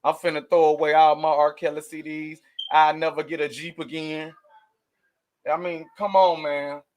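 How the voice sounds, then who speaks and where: High-voiced man ranting to viewers. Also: flat delivery, normal speed, darkish tone. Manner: rambling, emotional, addresses viewers directly. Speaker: commentary vlogger. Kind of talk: casual news commentary to viewers.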